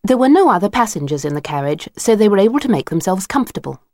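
A woman narrating a children's storybook, expressive and unhurried. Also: medium pitch, no room sound, clean studio sound.

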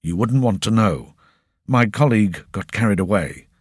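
A man reading an audiobook, voicing a gruff older male security officer who is deferential but evasive. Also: lowish voice, lively intonation, normal speed, no room sound, studio quality, voice pushed up.

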